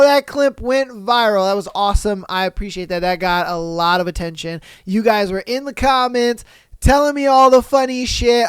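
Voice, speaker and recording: A man hosting a podcast, reading listener posts aloud in a casual, animated way, swearing and acting out his own reactions. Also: very high voice, clean tone, no echo, clean studio sound. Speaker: podcast host.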